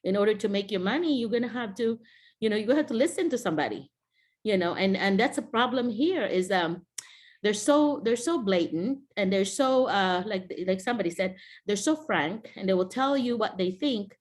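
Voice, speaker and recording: A middle-aged woman with a Filipino accent talks casually to other teachers on a video call. She tells classroom stories, slips into quoting students and parents, and laughs along the way. Her pitch sits in an everyday middle range. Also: expressive, normal speed. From Philippines. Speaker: teacher mentor. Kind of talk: casual Zoom talk to teachers.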